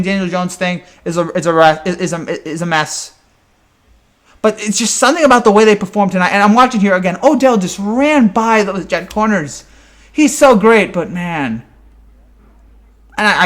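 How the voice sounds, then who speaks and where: A man's voice: high voice, a bit bright. A man in a fan reaction rant, exasperated and ranting with frequent stammered restarts. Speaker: sports fan commentator.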